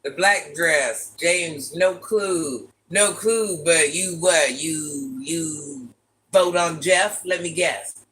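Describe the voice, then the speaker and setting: A woman with a deep, raspy voice hosting a casual livestream, chatting and teasing as she reads viewers' comments. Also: very slow, fairly bright tone. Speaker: livestream host reading chat. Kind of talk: casual live chat with viewers.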